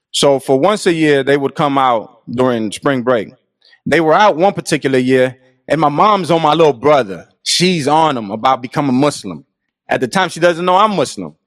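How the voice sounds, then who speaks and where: A man's voice: medium pitch, animated, moderate pace, fairly bright tone, dry recording, clean studio sound. A middle-aged man telling his own life story in an earnest, reflective and casual way. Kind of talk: personal storytelling.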